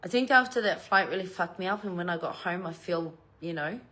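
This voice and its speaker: A middle-aged Australian woman chats to her viewers from home, spinning a family story with plenty of swearing. Her voice is bright and sharp, and she keeps the tale rolling in an easy, casual way. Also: fairly low pitch, a little fast. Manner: chatty, swears freely. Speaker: vlogger.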